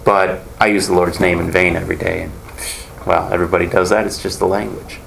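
A man's voice: deep voice, flat delivery, fast, gravelly, fairly bright tone. A man teaching a conversational Bible lesson, earnest as he explains and questions the class. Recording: echoey room, faint background noise.

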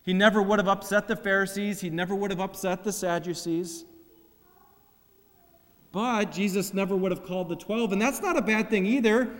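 A man delivers a sermon in a high voice, lifting into loud emphatic bursts, then dropping to slow, hushed phrases. His words ring out with a long reverb tail, as if spoken in a large hall. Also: fairly even intonation. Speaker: pastor.

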